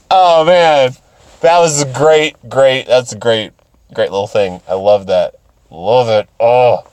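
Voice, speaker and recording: A man hosting a casual video, recapping an anime in an animated, profane way and laughing often. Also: medium pitch, slow, smooth, no room sound. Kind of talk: casual commentary.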